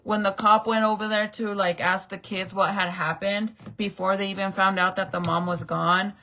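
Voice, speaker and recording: Gravelly-voiced woman telling a story. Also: mid-range voice, little pitch movement, normal speed, sharp tone. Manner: emotional, swears freely, says "bro" and "like" often. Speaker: makeup vlogger. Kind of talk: casual storytime chat.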